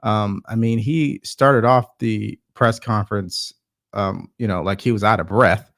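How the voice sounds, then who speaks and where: A man hosting casual political commentary, talking slowly with lots of fillers and a sarcastic edge. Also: fairly low pitch, steady tone, vocal fry, fairly bright tone, no room sound, studio quality. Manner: slow, hesitant with many fillers, sarcastic.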